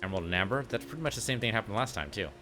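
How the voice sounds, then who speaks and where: Laid-back male let's play host, low voice, rambling joke-teller, faint music behind. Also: very fast. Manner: relaxed, rambling, joke-telling. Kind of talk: casual gameplay commentary.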